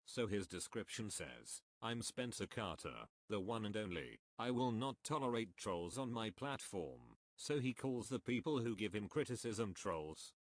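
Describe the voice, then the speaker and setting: A man's voice: on the low side, no room sound. A man reviewing someone online in casual, blunt, sarcastic commentary with swearing. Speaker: video commentator.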